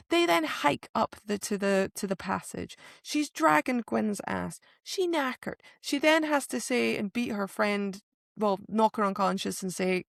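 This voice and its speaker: A woman co-hosting a book podcast, retelling scenes in an animated, ranting way with emphatic outbursts. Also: on the high side, creaky, no room sound, clean studio sound. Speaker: podcast co-host. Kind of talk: casual book-discussion chat.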